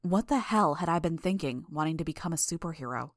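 Woman reading a fan audiobook, really low voice, steady, super dry close recording. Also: quick pace, no echo. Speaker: audiobook narrator. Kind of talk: first-person audiobook narration.

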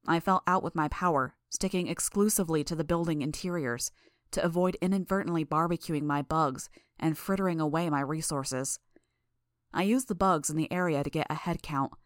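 Audiobook narrator: woman, deep low voice, steady measured read, dry close sound. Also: dry recording. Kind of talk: first-person audiobook narration.

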